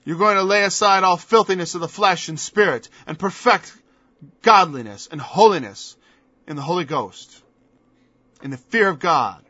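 Male preacher, high bright voice, emphatic and mocking sermon delivery, dry dull lo-fi recording. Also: animated, moderate pace, husky, no echo. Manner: emphatic, mocking rhetorical questions.

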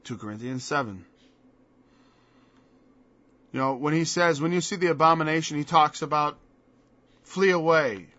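Male preacher, high bright voice, emphatic and mocking sermon delivery, dry dull lo-fi recording. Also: no room sound. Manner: emphatic, mocking rhetorical questions.

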